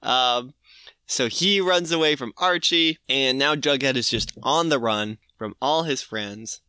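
A man with a bright, smooth voice tells a story in loose podcast chat. He recaps scenes eagerly, laughs at the jokes and swears now and then. The sound is dry and close. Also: mid-range voice, measured pace, dry recording. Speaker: podcast co-host. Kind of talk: casual comedic recap chat.

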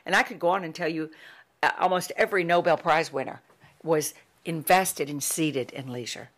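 A middle-aged woman giving an inspirational talk, telling heartfelt stories in an emphatic, warm storytelling manner. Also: deep voice, normal speed. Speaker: motivational speaker.

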